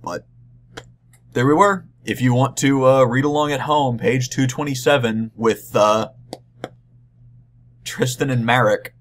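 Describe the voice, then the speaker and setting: A young man recapping a convention panel in a casual vlog, rambling and halting with many restarts and a wry, deadpan touch. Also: medium pitch. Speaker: vlogger.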